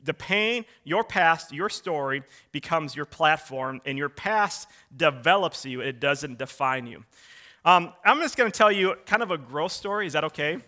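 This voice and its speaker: Male pastor, high bright voice, casual storytelling sermon, lively on quoted lines. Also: moderate pace. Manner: animated, acts out quotes in a raised voice; loose, conversational with restarts.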